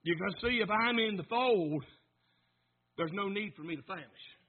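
High-voiced fervent preacher man, husky. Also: moderate pace, narrow, tinny audio. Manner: fervent preaching, swings from near-whispers to shouts; rhythmic repetition, asks congregation to repeat. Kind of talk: sermon.

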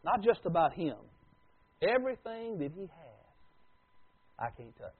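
A husky, slightly high-voiced man preaches, swinging between booming declarations and near-whispered asides. The sound is thin and tinny, like a phone line. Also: very animated, a little slow. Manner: dramatic swings from loud to hushed. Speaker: pastor. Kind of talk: sermon.

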